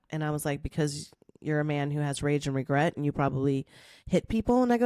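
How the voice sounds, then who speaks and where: A woman podcast host telling a story in a monologue, acting out the quoted dialogue with lively energy. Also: deep voice, moderate pace, clear, resonant tone, no echo, clean studio sound. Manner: animated, acts out quoted dialogue.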